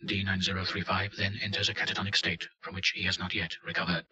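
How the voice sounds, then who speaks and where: A man with a very low voice that still sounds forceful and bright. He reads a report in a flat, matter-of-fact tone, as scripted narration. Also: fast talker, poor audio. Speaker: reader.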